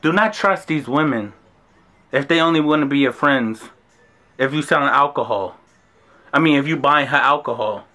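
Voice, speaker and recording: A young man telling a travel story in a brash, animated storytime monologue, swearing freely and acting out the dialogue. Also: mid-range voice, normal speed, long pauses. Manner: brash, profane, acts out dialogue with rising outbursts.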